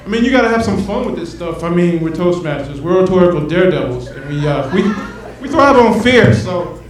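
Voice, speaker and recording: A man performing a stand-up comedy set, animated, acting out his bits and swinging between loud and soft. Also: high voice, a little fast. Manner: animated, acts out bits with shifting loudness. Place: comedy club stage. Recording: echoey room from a distant mic, noisy.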